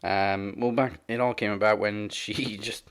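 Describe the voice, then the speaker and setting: A man's voice: lowish voice, fairly even intonation, unhurried, smooth. A man co-hosting a casual wrestling podcast, chatty and opinionated, often restarting his words. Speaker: podcast co-host. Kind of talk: casual chat.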